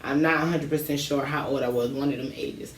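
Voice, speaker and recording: A woman in casual chat, telling animated childhood stories full of slang. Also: very deep voice, a little fast, a little hiss or hum. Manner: animated storytelling, heavy slang. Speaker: co-host. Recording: roomy, distant from the mic.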